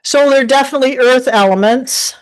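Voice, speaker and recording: A woman's voice: sits high, brisk. A woman giving a casual live tarot reading from her desk at home, talking in a rambling, chatty way with many restarts. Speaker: tarot reader.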